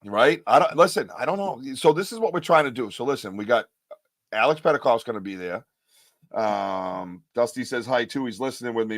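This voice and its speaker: A man's voice: mid-range voice, animated, fairly quick, a bit bright, dry recording. Joking, rambling New man host. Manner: loose, joking, rambling with slang. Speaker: podcast host. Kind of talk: casual live-stream chat.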